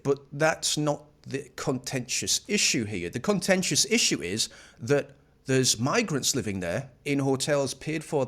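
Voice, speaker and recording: A man's voice: medium pitch, fairly bright tone. A man giving casual reaction commentary on a news clip in a sarcastic, mocking manner.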